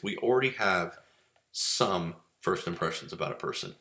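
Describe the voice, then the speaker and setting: Low-voiced man lecturing in an echoey room. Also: normal speed, gravelly, bright, forceful tone. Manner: conversational, rambling with many fillers and restarts. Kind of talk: casual recorded lecture. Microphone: webcam with filter.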